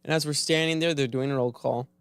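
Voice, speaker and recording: A man's voice: a little high, steady tone, fast talker, clean tone, no room sound. Young guy podcast cohost, rambly storytelling, does little voices, dry close sound. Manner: rambling storyteller who acts out quoted voices. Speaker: podcast co-host. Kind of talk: casual chat.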